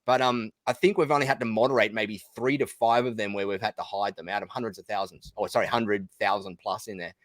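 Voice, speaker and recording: A man with an Australian accent, talking quickly and energetically as a guest in a casual podcast conversation, often restarting his sentences. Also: lowish voice, fairly even intonation, no echo. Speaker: guest, business community founder.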